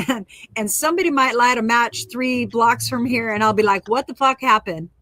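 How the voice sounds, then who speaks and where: A fairly high-voiced woman talking in a close, dry sound. She co-hosts a casual spiritual chat, animated and emphatic, laughing often and leaning on repeated phrases and rhetorical questions. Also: moderate pace, dry recording. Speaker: co-host.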